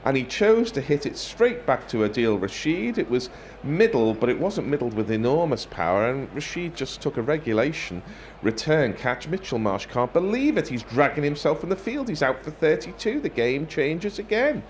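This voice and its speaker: A man giving ball-by-ball cricket commentary in a measured, wry way, lifting his voice when a wicket falls. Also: fairly high pitch, sing-song, a little hiss or hum. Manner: wry, measured, quick to joke.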